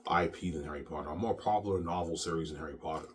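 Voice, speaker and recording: A man with an extremely low-pitched voice talks rapid-fire in a rambling monologue, stammering over repeated words and swearing often. His delivery is repetitive, stammering and profane, with a little hiss or hum in the audio.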